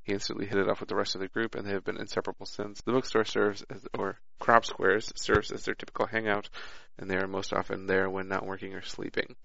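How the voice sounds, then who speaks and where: A man's voice: lowish voice, little pitch movement, fast, gravelly, hardly any pauses, pushed and bright, no echo, lo-fi sound. A man chatting about a tabletop game and reading his character notes aloud, with small stumbles.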